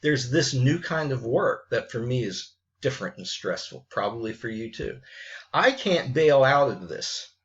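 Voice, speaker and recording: A man's voice: mid-range voice, expressive, a little slow, few pauses, a bit bright, lo-fi sound. A middle-aged man, a college writing teacher, speaking frankly and bluntly to his students in an unscripted message, often restarting his sentences.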